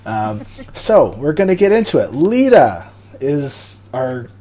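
A woman's voice: sits low, sing-song, slow pace, warm tone. A woman hosting a gaming podcast, asking questions in a playful, teasing way over a remote call. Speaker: podcast host. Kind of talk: casual podcast interview.

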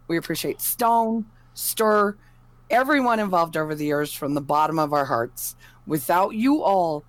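A woman co-host reads a warm message and then a long list of supporter names. She apologizes when she stumbles on one, and her voice sounds dry and close. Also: lowish voice, no echo.

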